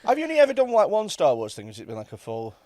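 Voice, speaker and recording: Lively teasing man, dry sound. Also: high voice, very fast, dry recording. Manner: crude, teasing, laughs a lot. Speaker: podcast co-host. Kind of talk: casual comedic chat.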